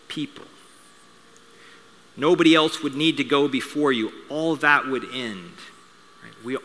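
A man's voice: a little high, bright, forceful tone. A man preaching a sermon as pastor, telling stories in a conversational way with joking asides. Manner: conversational storytelling with asides and humor. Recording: reverberant hall sound.

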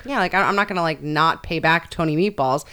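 A young woman co-hosting a laid-back podcast, her voice lower than most and smooth in tone. She talks with eager enthusiasm, swears casually and laughs easily. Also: fast, sharp tone. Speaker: podcast co-host. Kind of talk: casual comedic chat.

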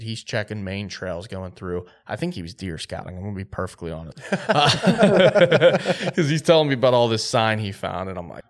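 Low-voiced man telling a hunting story. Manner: excited, lively retelling with quoted dialogue; laid-back, filler-heavy speech with frequent "like". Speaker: podcast co-host. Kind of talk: casual podcast storytelling.

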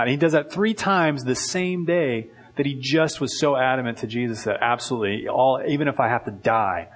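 A man preaching a sermon as pastor, in a loose conversational way full of "like" and quick restarts. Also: medium pitch.

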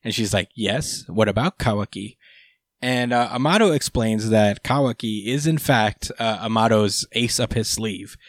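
A man's voice: fairly low pitch, moderate pace, few pauses, no room sound, studio quality. A man hosting a casual recap chat, laid-back, swearing freely, laughing often, with lots of fillers.

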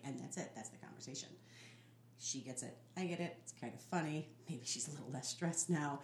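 Very low-voiced woman chatting casually. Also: brisk. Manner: laughing, animated storytelling. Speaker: podcast co-host. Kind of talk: casual chat. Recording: echoey room with faint noise.

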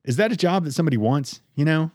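Podcast co-host, a man with a deadpan crude delivery and a dry close sound. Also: on the high side, fast, no room sound. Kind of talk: casual chat.

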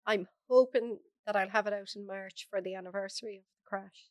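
An Irish woman with a hoarse, bunged-up voice, talking openly and bluntly as an interview guest. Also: mid-range voice, fairly even intonation, brisk, dry recording, clean studio sound. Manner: frank, chatty, laughs often. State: hoarse from a cold. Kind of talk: casual interview chat.

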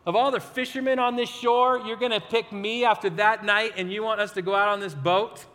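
A man's voice: high voice, fairly even intonation, brisk, bright, forceful tone, in a large hall. A man voicing a weary, grumbling fisherman with a sarcastic, exasperated edge.

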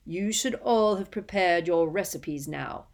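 A woman's voice: on the low side, unhurried. A woman voicing a cold, sneering male teacher who speaks curtly in an audiobook. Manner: curt, cold. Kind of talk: audiobook character voice.

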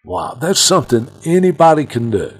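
A man's voice: fairly high pitch, big pitch swings, normal speed, breathy edge. A man hosting a radio talk show, chatting and speaking straight to the listeners. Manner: chatty, addresses listeners directly.

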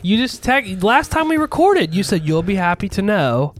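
Podcast co-host, male, lively pitch, curse-heavy teasing banter, faint music bed. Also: normal speed. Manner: swears a lot, teasing. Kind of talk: casual chat among friends.

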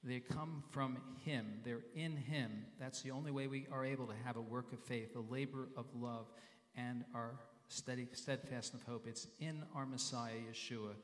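A man's voice: mid-range voice, fairly even intonation, normal speed. A male pastor giving a sermon in a conversational way, repeating phrases and sounding out Hebrew and Greek words. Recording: long reverb in a large hall.

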